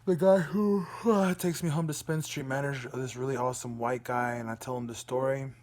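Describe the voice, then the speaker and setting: A man's voice: fairly even intonation, fairly quick, a little mellow. A young man from Dallas, Texas, venting in a profane, agitated video diary from his room. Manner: agitated, profane venting that trails into a low murmur. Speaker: vlogger. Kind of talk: emotional video diary rant.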